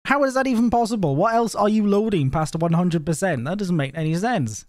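A man's voice: high voice, animated, brisk, no room sound, clean studio sound. A man chatting casually with his live viewers, joking and laughing often. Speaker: livestreamer.

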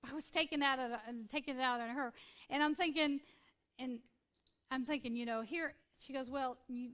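A woman's voice: high voice, moderate pace, fairly bright tone. A woman pastor in her forties preaching a sermon in an earnest, conversational way, repeating points for emphasis.

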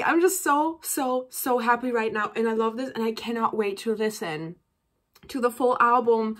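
A young woman reacting to a music video on camera, gushing and emotional, shaky and near tears with excitement. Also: fairly high pitch, measured pace. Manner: gushing, emotional, breathless with excitement, laughs often. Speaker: reaction vlogger. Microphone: camera mic.

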